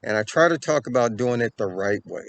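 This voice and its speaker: A man's voice: mid-range voice, fairly quick, a little hiss or hum. Earnest man telling a story. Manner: earnest, repeats "okay" and "right", grows animated in the story. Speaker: self-defense channel host. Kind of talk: storytelling to camera.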